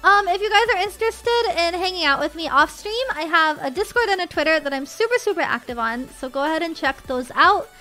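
Super high-pitched young woman streamer, bubbly and gushy, some faint music behind. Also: fairly quick, few pauses. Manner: bubbly, gushing and excitable. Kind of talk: casual stream sign-off chat.

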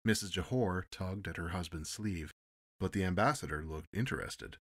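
A man narrating a classic science fiction story in a measured, even audiobook reading. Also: low-pitched.

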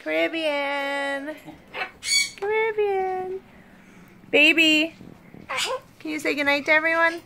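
A high-pitched woman talks slowly and unhurriedly to her viewers, slipping into cooing baby talk with her pet birds. Loud squawking and clicking from the birds fills the background. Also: flat delivery, gravelly. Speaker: pet bird owner and vlogger. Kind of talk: casual vlog chat to viewers and birds. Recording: loud bird squawks and noise behind.

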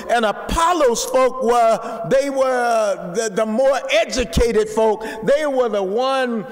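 A man preaching a sermon, repeating words and rising to shouts. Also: very high voice, slow, few pauses, in a large hall. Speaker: pastor.

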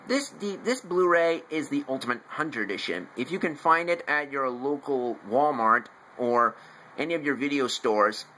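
Lively, bright-voiced man reviewing a movie. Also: mid-range voice, a little hiss or hum, rough recording. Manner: rambling, loses his thread and corrects himself; eager fan showing off collectible figures. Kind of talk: casual home video review.

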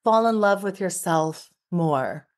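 Speaking slowly in a fairly low, expressive voice, a middle-aged woman who writes on relationships and works as an expert in the field is interviewed as a podcast guest. Her delivery is heartfelt and emphatic, with repetitive phrasing.

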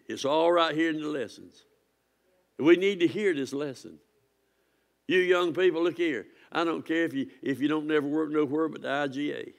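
A man pastor, preaching a sermon with impassioned swings from near-shouts to hushed warnings. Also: fairly high pitch, moderate pace, vocal fry.

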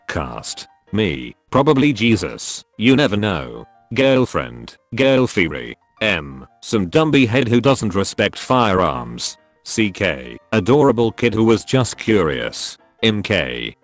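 A synthetic male narrator reads a story with a lowish pitch and a lively, swinging intonation. The delivery is steady and machine-like, with faint music underneath. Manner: synthetic, evenly paced reading. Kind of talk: text-to-speech story reading.

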